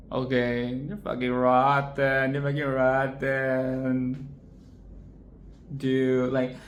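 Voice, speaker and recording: A woman's voice: a bass voice, echoey room, a little hiss or hum. A woman vlogger reacting to a film in casual, crude and rambling commentary, with bursts of mock outrage.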